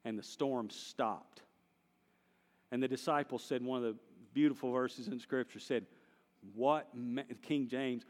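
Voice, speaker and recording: A man preaching a sermon, swinging between hushed and loud passages. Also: mid-range voice, fairly even intonation, measured pace, long reverb tail. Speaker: pastor.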